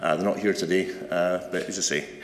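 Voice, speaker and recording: A middle-aged man with a Scottish accent giving a nervous, halting, emotional acceptance speech with many fillers. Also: low-pitched, fairly even intonation. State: emotional, overwhelmed. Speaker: award recipient. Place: large hall. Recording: echoey hall, faint background noise.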